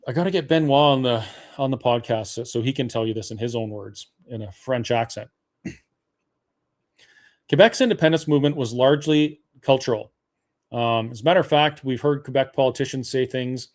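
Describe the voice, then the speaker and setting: A man's voice: medium pitch, moderate pace, pauses often. A man from Alberta hosting a webinar, arguing a political case point by point with frequent fillers and restarts. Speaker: webinar host. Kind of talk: persuasive political talk.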